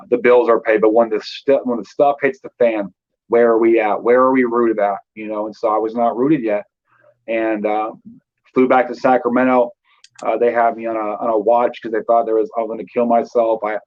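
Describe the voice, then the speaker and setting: A man in his thirties from Northern California, appearing as a guest, tells his life story in loose, casual talk packed with fillers. His voice is lowish and narrow, and the audio sounds tinny.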